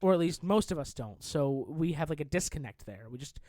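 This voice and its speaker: High-voiced man in casual podcast chat. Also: brisk, dry recording. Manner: animated, swearing, mocking asides. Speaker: podcast co-host.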